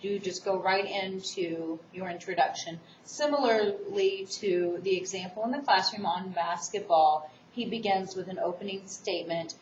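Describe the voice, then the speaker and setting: A woman public speaking instructor giving a recorded course lecture, explaining the assignment in a quick, enthusiastic way. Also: medium pitch, slight background noise. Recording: distant, roomy, dull recording.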